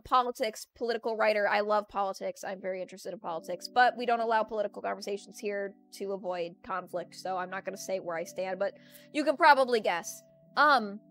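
Streaming from home, a young adult woman with a slightly high, somewhat bright voice chats casually, ranting and talking a lot while laughing often. A music playlist plays faintly behind her.

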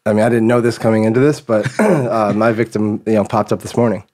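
A man's voice: on the low side, steady tone, quick pace, darkish tone. A man as a podcast guest, talking candidly and loosely, telling personal stories with lots of fillers. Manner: candid, storytelling, many fillers. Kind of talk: casual conversation.

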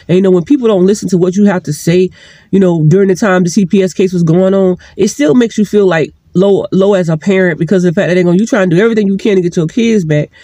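A woman vents to her vlog camera in a rapid, heated rush, swearing freely and stressing her points hard. Her voice sits close and dry, with no room sound around it. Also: on the low side, mellow, dry recording. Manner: heated, profane, emphatic. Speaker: single mother vlogger. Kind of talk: venting vlog monologue. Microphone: sitting, talking straight to camera.

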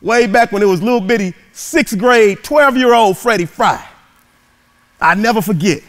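A man giving a motivational speech through storytelling, animated and dramatic, swinging from loud peaks to hushed asides. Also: high voice, normal speed. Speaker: motivational keynote speaker.

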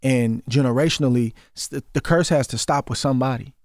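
A man in his forties from Oakland, California, with a Bay Area accent, speaks fairly quickly in a mid-range, slightly mellow voice. He's a former boxer appearing as a guest in a casual radio studio interview, earnest and often repeating words as he builds up his point. It's recorded dry on a studio microphone.

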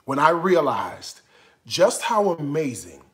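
A man hosting a live-stream cooking show, excitable and playful, swinging from hushed asides to loud bursts. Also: a little high, takes it slowly. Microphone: live-stream setup.

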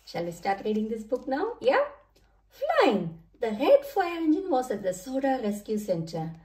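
Woman storybook reader, high-ish and animated, heard from a distance in a roomy room. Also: normal speed. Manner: animated, sing-song story reading. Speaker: children's book reader. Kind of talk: reading a children's storybook aloud.

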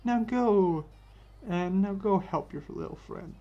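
A man's voice: high voice, slow, warm tone, voice pushed up. A man voicing a scheming male villain scientist with mocking, politely menacing speech. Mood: smug. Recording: dull lo-fi with faint music.

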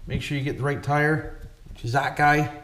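A man's voice: fairly high pitch, fairly even intonation, normal speed, fairly bright tone. A Canadian man hosting his hobby channel, talking casually and joking as he works on a toy truck. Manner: folksy and joking, keeps saying "boys" and "why wouldn't we". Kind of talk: casual vlog narrating while working on an RC truck. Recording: echoey room with background noise.

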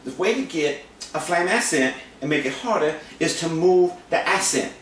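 A drum teacher with a fairly bright, somewhat high voice clowns his way through a casual, comedic lesson, talking animatedly at a moderate pace. He boasts in mock fashion and repeats phrases again and again. He sounds distant, in a very echoey room with faint background noise.

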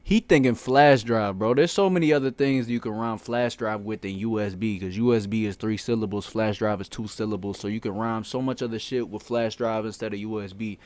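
A young man giving casual reaction commentary, excited and slangy, talking close to his mic. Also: fairly low pitch, brisk, few pauses, no echo. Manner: excited, slangy, keeps saying "bro". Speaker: reaction streamer.

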